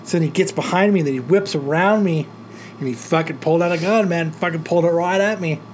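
A man's voice: a little high, fast talker, slight background noise. A man telling road-rage stories in a casual chat, rambling and swearing a lot.

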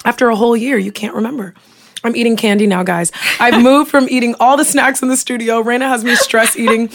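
A woman's voice: on the high side, steady tone, a little fast. A young woman co-hosting a podcast in a studio, talking casually and candidly, swearing and laughing often. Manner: candid, profane, laughs a lot. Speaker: podcast co-host. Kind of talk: casual chat.

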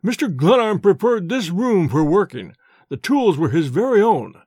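A polite, formal manservant of an old house, read by a man, each reply careful and deferential. The delivery moves lively up and down, and the close, dry sound has no room in it. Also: high voice, moderate pace, no room sound. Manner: courteous, formal, says sir often. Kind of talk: audiobook character voice.

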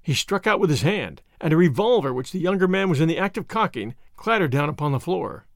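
Brief: expressive male audiobook narrator, lively pitch, close and dry. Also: a little fast, creaky, no echo. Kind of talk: scripted narration of a classic story.

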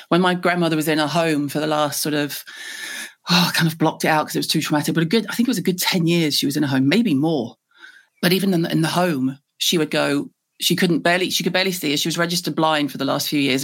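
A middle-aged woman from Liverpool with a Scouse accent, a guest telling lively stories in a podcast interview. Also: low-pitched, quick pace. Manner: lively, animated storyteller.

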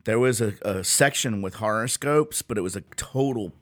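A man's voice: fairly low pitch, moderate pace, fairly bright tone. A man co-hosting a casual podcast, telling a story in a rambling way full of fillers and restarts. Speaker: podcast co-host.

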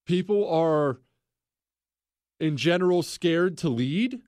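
Male talk host, high voice, dry close mic, chatty and sarcastic, laughs often. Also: expressive, slow, darkish tone, no room sound. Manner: laughs a lot, rambling and sarcastic. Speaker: radio talk show host. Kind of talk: casual talk radio monologue.

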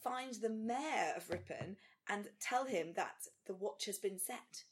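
A woman's voice: medium pitch, animated, a little slow. A woman from England co-hosting a podcast, telling stories in a chatty, rambling way full of fillers. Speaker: podcast co-host. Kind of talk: casual podcast chat. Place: London.

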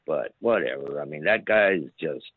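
A man's voice: very deep voice, expressive, moderate pace, husky, no room sound, phone-quality sound. A man calling in to a radio show, talking casually and in slang. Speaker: caller. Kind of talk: phone-in call.

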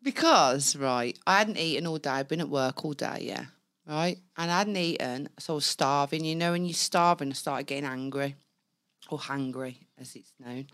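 A woman's voice: low-pitched, moderate pace, a bit bright. A woman co-hosting a podcast, chatting frankly and casually and swearing freely. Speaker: podcast co-host. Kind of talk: casual banter.

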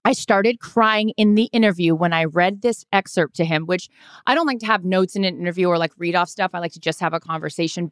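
Woman podcast cohost, low-ish smooth voice, rambly and emotional, dry studio sound. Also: dry recording. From Seattle, USA. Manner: chatty and emotional, rambling with fillers. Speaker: podcast co-host, sports reporter. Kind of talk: casual chat.

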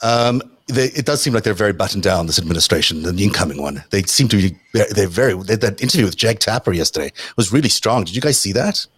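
A man's voice: fairly low pitch, expressive, fast, few pauses, fairly bright tone, slightly rough, no room sound. A man hosting a casual political panel chat, talking in a hesitant way with many restarts. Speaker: host.

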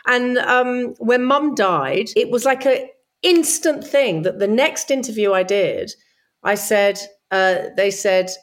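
A middle-aged woman chatting in an interview, an animated storyteller who acts out quoted voices in a high sing-song. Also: takes it slowly. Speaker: guest. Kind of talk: casual interview chat.

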